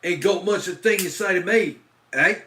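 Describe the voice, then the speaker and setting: A man voicing a rough working-class London tough guy in an exaggerated Cockney accent, coarse, loud and threatening. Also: high voice, moderate pace, pitched above the performer's own voice. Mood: belligerent. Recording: roomy echo.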